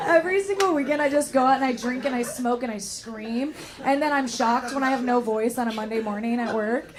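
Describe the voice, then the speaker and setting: A raspy young woman doing a brash, bawdy, self-mocking stand-up set on a comedy club stage. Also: high voice, steady tone, brisk. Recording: loud crowd and noise in a club. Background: crowd laughing.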